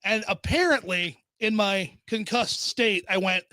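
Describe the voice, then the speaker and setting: A man's voice: sits high, measured pace, bright, forceful tone, no echo. A man who is a professional wrestler, a guest on a podcast, talking casually in a blunt, profane way.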